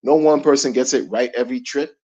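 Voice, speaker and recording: A man's voice: mid-range voice, fairly even intonation, a little fast, a little mellow. A middle-aged man ranting in casual commentary, emphatic and slangy, repeating his points. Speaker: commentary channel host. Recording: dull lo-fi recording.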